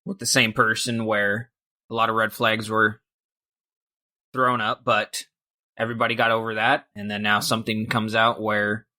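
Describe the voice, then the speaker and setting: Bright-voiced young man co-hosting. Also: fairly low pitch, flat delivery, moderate pace. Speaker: podcast co-host. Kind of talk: casual sports podcast chat.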